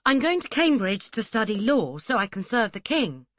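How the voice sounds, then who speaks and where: A woman's voice: fairly high pitch, big pitch swings, no echo, studio quality, pitched above the performer's own voice. A woman doing a nervous girl posing as a boy. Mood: guarded. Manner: hesitant, halting answers. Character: young woman disguised as a boy, nervous and proud.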